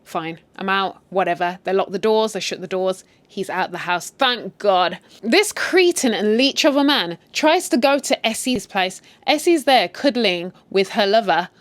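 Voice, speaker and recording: A woman's voice: measured pace, no room sound. Chatty woman retelling a wild story. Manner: animated, chatty, swings in pitch for emphasis. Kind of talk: casual story retell with commentary.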